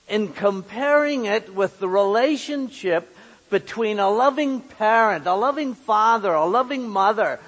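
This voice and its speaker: Slow, high-voiced preacher in a hall. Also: male voice, a bit bright. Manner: earnest, repeats words while finding them. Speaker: pastor. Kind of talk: sermon.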